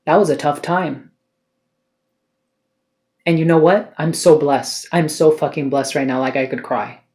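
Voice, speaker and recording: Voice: mid-range voice, fairly even intonation, a little slow, darkish tone. A tarot card reader giving an emotional spiritual reading to camera, earnest and pleading, swearing casually and firing off rhetorical questions.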